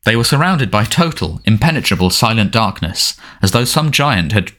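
A man narrating a storybook in an expressive, dramatic reading style. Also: lowish voice, normal speed. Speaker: audiobook narrator.

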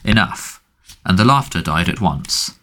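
A man narrating an audiobook in an expressive storytelling manner. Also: fairly low pitch, normal speed. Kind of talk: scripted narration.

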